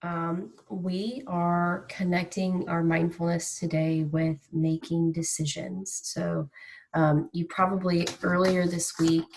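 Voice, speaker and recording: A woman teaching a mindfulness lesson in a relaxed, conversational way, acting out everyday reactions as examples. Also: lowish voice, slow. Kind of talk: recorded classroom lesson.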